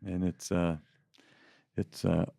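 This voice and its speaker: A man's voice: low-pitched, level tone, takes it slowly, gravelly, warm tone, no room sound, studio quality. A man co-hosting an advice podcast, talking through a listener's question in casual chat and acting out empathetic replies. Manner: empathetic, acts out what he would say.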